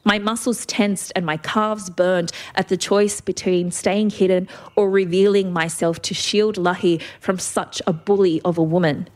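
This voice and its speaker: A woman's voice: medium pitch, steady tone, a little slow, hardly any pauses, darkish tone. A woman reading a first-person story aloud with vivid expression.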